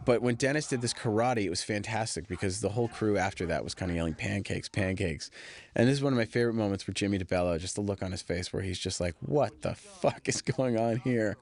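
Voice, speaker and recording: A man, a film director, giving a DVD audio commentary, telling stories in an animated way and mimicking the people he quotes. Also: fairly low pitch, very fast, hardly any pauses. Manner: animated anecdotal storytelling, mimicking others in quoted dialogue.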